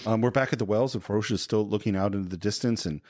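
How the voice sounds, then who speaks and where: A man's voice: lowish voice, fast, darkish tone, no echo. A man hosting a film podcast, retelling scenes step by step with enthusiasm. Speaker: podcast host.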